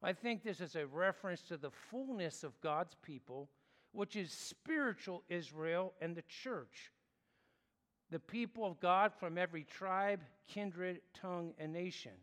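A man preaching a sermon in an earnest, explanatory way with measured pauses. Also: sits high, a bit bright, big-room sound.

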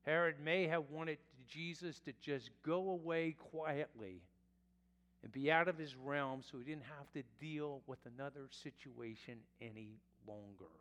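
A male pastor preaching a sermon in a slow, deliberate way, sometimes correcting himself mid-phrase. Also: fairly high pitch, fairly bright tone, highs cut off. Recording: long reverb of a church hall.

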